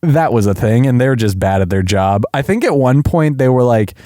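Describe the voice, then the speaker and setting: Animated man hosting a movie podcast. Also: mid-range voice, dry recording, clean studio sound. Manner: animated, quick to do voices and laugh. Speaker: podcast host, movie reviewer. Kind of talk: casual chat.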